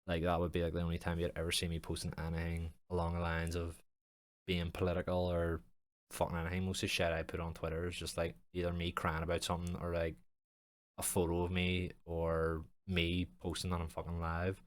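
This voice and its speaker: A man's voice: low-pitched, completely flat delivery, fairly quick. A young man hosting a casual podcast, rambling loosely and swearing heavily with a jokey tone. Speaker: podcast host and streamer.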